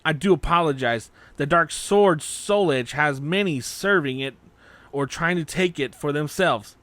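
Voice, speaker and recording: A man voicing a polite, formal wandering swordsman in an audiobook reading, speaking in a measured way. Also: on the high side, a bit bright, dry recording. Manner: courteous and measured.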